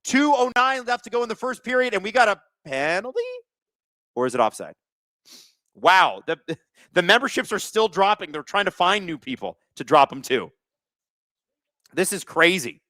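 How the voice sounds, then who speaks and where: A man's voice: high-pitched, very animated, moderate pace, long pauses, sharp tone, dry recording. A man hosting a live hockey watch-along, chatting with viewers and calling the plays. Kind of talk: casual live-stream hockey commentary.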